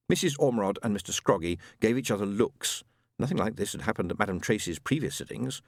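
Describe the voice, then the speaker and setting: A man narrating an audiobook in an expressive, wry way. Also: lowish voice, fast, gravelly, no room sound, studio quality. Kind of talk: scripted narration.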